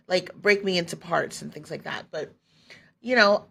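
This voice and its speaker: Speaking a little slowly, a woman in her forties tells a personal story on her podcast, her lowish voice fairly bright, breathy at the edges and touched with vocal fry. She's loose and chatty with lots of fillers, laughs often, and acts out her past thoughts.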